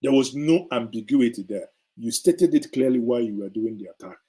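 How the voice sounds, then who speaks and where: A middle-aged man delivers heated political commentary in an indignant, sarcastic tone. His voice is dark and husky, and he drives points home by repeating them. The delivery is that of a show host speaking his mind. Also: medium pitch, expressive, moderate pace, rough recording.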